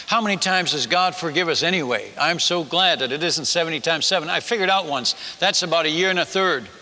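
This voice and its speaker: An older man from the Netherlands, a missionary telling a humorous sermon story, animated and acting out the people in it. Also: on the high side, fairly quick. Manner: animated, acts out villagers and his wife in quotes. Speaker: missionary speaker. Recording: long hall reverb.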